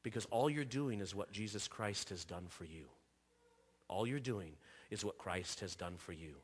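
A man preaching a sermon in earnest, repeating phrases and restarting himself, dropping softer when he quotes. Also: on the low side, expressive, normal speed, husky. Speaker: pastor.

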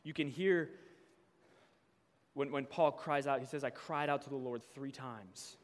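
A man preaching a sermon. He reads scripture slowly, then preaches with mounting intensity. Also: mid-range voice, fairly even intonation. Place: church. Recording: long reverb of a church hall.

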